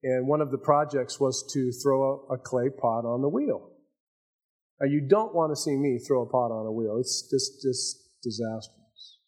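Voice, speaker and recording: An older man preaching a sermon as pastor, swinging between raised emphasis and hushed asides. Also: mid-range voice, moderate pace.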